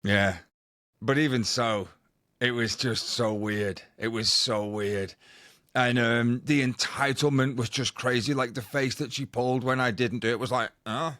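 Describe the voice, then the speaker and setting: A man's voice: mid-range voice, steady tone, measured pace, a bit bright, no room sound, studio quality. A man co-hosting a podcast, telling a rambling anecdote in casual chat. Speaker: podcast co-host.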